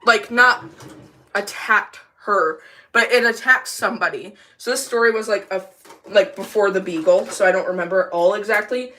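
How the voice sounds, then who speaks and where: A woman talks into a livestream from her bathroom with a bright, clear-edged voice. She rants in a casual, rambling way and stays emphatic and defiant. She is firm and unapologetic. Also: mid-range voice, moderate pace, slight background noise. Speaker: livestreamer with a service dog.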